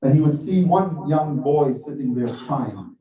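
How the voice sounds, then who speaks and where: A man preaching a Friday sermon, telling a story with measured, earnest emphasis and then exhorting his listeners. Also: on the high side, animated, mellow. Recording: echoey hall, voice from a distance.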